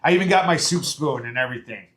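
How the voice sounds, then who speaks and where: A man's voice: mid-range voice, fast talker, fairly bright tone, echoey room. A man hosting a casual home cooking show, chatting folksily through each step from his kitchen with plenty of fillers.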